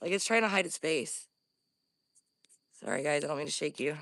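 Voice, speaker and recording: A woman vlogging from the woods on her phone, scared and breathing heavily, often dropping to a hushed whisper. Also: low voice, animated, moderate pace, vocal fry, pauses often. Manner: jittery, drops into hushed whispers. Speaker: paranormal vlogger. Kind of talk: live outdoor investigation vlog. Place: woods outdoors.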